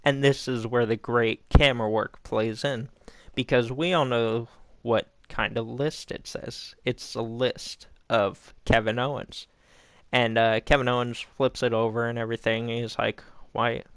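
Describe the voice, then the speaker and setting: A man's voice: medium pitch, fairly even intonation, measured pace, clear, resonant tone, no room sound. A young man casually recapping a wrestling show, rambling with lots of fillers and acting out what people said. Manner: rambling, filler-heavy, acts out quotes.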